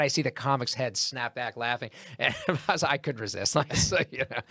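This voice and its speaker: Animated man telling a story, dry mic. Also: mid-range voice, quick pace, hardly any pauses, no echo. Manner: animated anecdote with acted-out quotes. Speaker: comedian guest. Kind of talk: casual storytelling.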